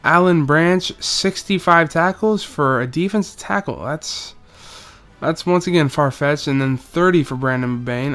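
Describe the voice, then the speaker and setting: A young man with a slightly higher voice runs through his football video game, commenting casually and cracking jokes. He rambles through stats, then slips into a mock play-by-play voice. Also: moderate pace, a bit bright, faint music behind. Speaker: gaming YouTuber.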